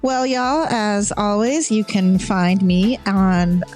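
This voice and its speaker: A woman hosting a podcast, bubbly and quick to laugh, wrapping up a casual chat. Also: mid-range voice, a little mellow, faint music behind. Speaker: podcast host.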